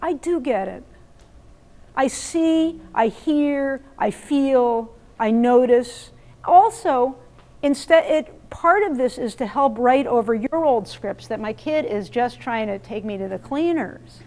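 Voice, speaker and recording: A woman with a somewhat high voice runs a live parenting workshop, speaking emphatically and firing questions at her audience. She keeps things interactive, shifting between explaining and prompting the room. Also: lively intonation, takes it slowly, mellow. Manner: emphatic, quizzes the audience, role-plays lines to kids. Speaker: workshop presenter.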